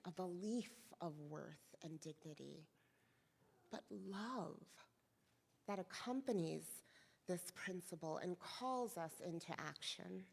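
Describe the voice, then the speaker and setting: A woman minister giving a soft, reflective sermon, lingering on her words. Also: on the low side, vocal fry, big-room sound. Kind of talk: slow, gentle sermon. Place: church sanctuary.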